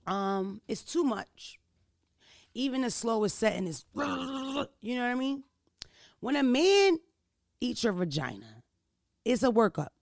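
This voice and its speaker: A woman host chatting casually and telling stories with lots of laughter and swearing. Her voice swoops up and down and has a gravelly edge. The sound is close and dry. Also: a little high, unhurried, long pauses, no room sound. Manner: animated, laughing, profane storytelling. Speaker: podcast host. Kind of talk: casual chat.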